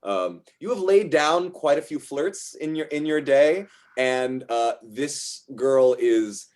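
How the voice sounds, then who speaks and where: A man's voice: medium pitch, expressive, takes it slowly. A man narrating as game master, rambling and reaching for words with lots of fillers.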